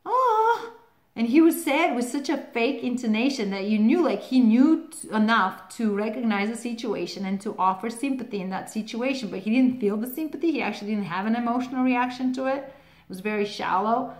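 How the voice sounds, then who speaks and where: A woman's voice: fairly high pitch, a little fast, darkish tone. A woman hosting a relationship advice channel, talking casually to the camera, laughing often and using lots of "like" fillers. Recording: roomy echo.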